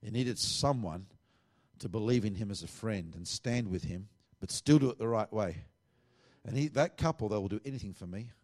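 A man's voice: fairly low pitch, moderate pace, a little mellow. A middle-aged man, a pastor, earnestly telling a testimony and acting out the dialogue he quotes.

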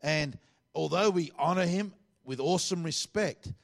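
A man's voice: on the high side, normal speed, gravelly. A middle-aged man with an Australian accent, preaching a sermon in a casual, conversational way with asides.

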